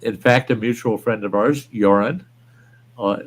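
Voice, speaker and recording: A man's voice: on the low side, a little slow, a little hiss or hum. A man hosting a livestream, chatting casually, rambling and reading viewer comments aloud. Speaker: livestream host. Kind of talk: casual chat.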